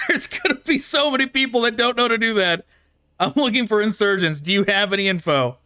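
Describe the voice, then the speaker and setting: A man with a high, bright voice gives casual gameplay commentary, chatty and quick to laugh as he picks at a game's design. His tone is smooth and clear, recorded close and dry with no room sound. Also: animated, no echo. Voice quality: chatty, laughs while critiquing. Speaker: gaming channel host.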